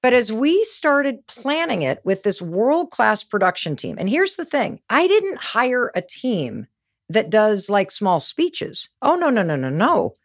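A woman's voice: on the high side, sing-song, a little slow. A middle-aged woman giving a motivational talk, telling stories with energy and emphasis. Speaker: motivational speaker.

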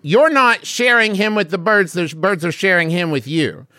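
Man, comedy podcast co-host, bright tone, playful riffing, dry close mic. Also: sits high, animated, moderate pace, dry recording. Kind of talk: casual comedic banter.

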